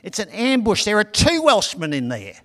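A pastor voicing a frightened soldier giving an urgent warning in a sermon story. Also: male voice, high-pitched, wildly swooping pitch, moderate pace, fairly bright tone, long reverb tail, pitched above the performer's own voice, heavily acted. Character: frightened adult male soldier.

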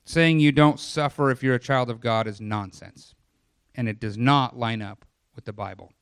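A male pastor giving a sermon, building his voice through long lists, then dropping low and quiet, with conversational asides to the congregation. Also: moderate pace, smooth, no echo, studio quality.

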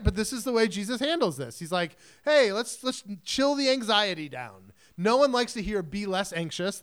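High-voiced man preaching casually. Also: fairly bright tone, smooth. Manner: casual, conversational preaching with asides. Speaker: pastor. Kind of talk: sermon.

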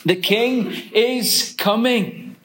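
A man voicing a stern, excitable male beaver in a storybook read-aloud. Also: extremely high pitch, drawn-out words, slight background noise, voice pushed up, full character voice. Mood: stern, insistent. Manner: stern, emphatic.

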